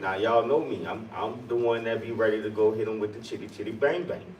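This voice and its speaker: A man's voice: lowish voice, fairly quick. A man on a convention panel telling a story with slang and lots of laughter. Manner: lively, laughing, uses slang. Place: convention hall. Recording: echoey hall, distant mic, audible noise.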